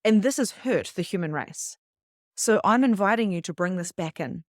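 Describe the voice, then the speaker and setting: A woman's voice: medium pitch, animated, normal speed, no echo. A woman of middle age talks through a wellness lesson in an earnest, chatty way. She slips into small acted-out anecdotes as she goes. Her voice sounds dry and close, with no room around it. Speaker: spiritual coach. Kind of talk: teaching a wellness session.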